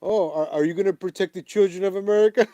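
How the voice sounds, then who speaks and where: A man's voice: sits high, fast talker, mellow, no room sound, pitched above the performer's own voice, lightly acted. A man mimicking a phony, sing-song politician woman. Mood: mocking. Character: smug, phony female politician.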